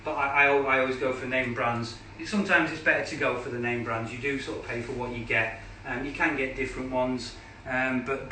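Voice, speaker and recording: A man's voice: medium pitch, bright, forceful tone, reverberant, recorded from a distance, slight background noise, rough recording. A man with an English accent explaining a recipe as he cooks it live, chatty, with lots of ums. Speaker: cooking demonstrator. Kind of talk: casual live cooking demo. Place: home kitchen.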